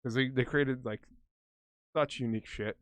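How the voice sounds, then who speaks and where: A man co-hosting a podcast in casual chat, rambling and jokey with plenty of swearing, whose voice he calls high for a big guy. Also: fairly even intonation, normal speed, dry recording. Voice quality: high voice for a big man, says smoking affected it. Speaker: podcast co-host.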